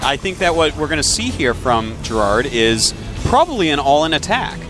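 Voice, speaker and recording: A man's voice: fairly high pitch, sing-song, normal speed, over music. Casual male esports caster. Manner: casual, joking, analytical. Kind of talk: live game commentary.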